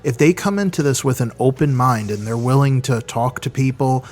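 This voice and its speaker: A man's voice: medium pitch, moderate pace, a little mellow. A man who plays in a hard rock band, chatting as a guest in an easygoing, joking way. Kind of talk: casual chat.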